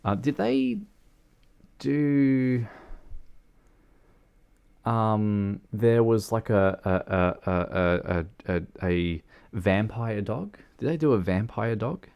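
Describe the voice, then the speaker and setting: Low-voiced New man rambling on stream. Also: takes it slowly, hardly any pauses, clear, resonant tone, lo-fi sound. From New Zealand. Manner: rambling, hesitant, many fillers and restarts; self-deprecating, joking. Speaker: game streamer. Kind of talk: casual livestream chat while driving in a game.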